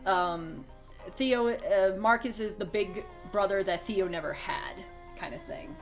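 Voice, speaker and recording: A woman's voice: mid-range voice, a little slow, faint music behind. A woman chatting casually on a livestream, rambling with fillers and restarts while she explains a character. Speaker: streamer.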